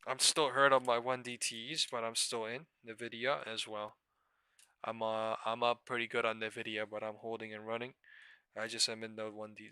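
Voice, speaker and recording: Profane, bright-voiced young man ranting. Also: medium pitch, smooth, no echo. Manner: profane, exasperated ranting with bursts of loudness. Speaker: stock trading livestream host. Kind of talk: live stream rant.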